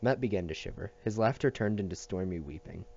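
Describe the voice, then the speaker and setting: A man reading a novel aloud at a steady pace, with small slips and restarts. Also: fairly low pitch, quick pace, highs cut off. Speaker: audiobook reader.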